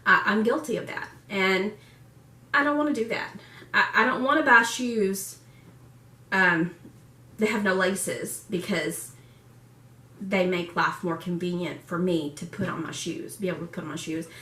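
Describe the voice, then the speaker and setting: A woman's voice: medium pitch, a little slow, bright, forceful tone. A woman in her forties talking candidly and emotionally in a personal vlog, laughing often as she speaks. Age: 40s. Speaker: vlogger. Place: room in a home. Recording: echoey room, far from mic.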